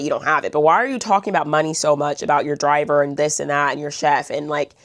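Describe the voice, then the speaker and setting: Chatty young woman, low voice, dry sound. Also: no room sound. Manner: chatty, blunt, swears, heavy use of "like". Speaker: vlogger. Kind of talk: storytime vlog.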